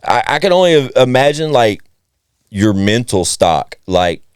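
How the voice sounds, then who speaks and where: A man's voice: mid-range voice, very animated, smooth, no echo, studio quality. A man hosting a podcast in casual chat, thinking aloud with lots of "like" and cursing along the way. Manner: reflective, drawn-out, heavy with "like" and cursing. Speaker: podcast host.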